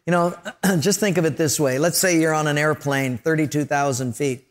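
In a fairly high, steady voice at normal speed, a pastor preaches by telling stories. Along the way he imitates voices and makes sound effects.

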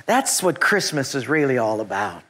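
A middle-aged man preaching a sermon, telling a personal story and acting out his own past thoughts with animated delivery. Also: medium pitch, moderate pace. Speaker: pastor.

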